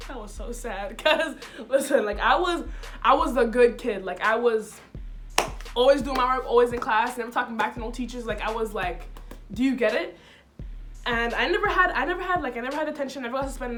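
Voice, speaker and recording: A young woman vlogger telling a school story in a casual, animated way, laughing often and using slang. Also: on the high side, brisk, faint music behind.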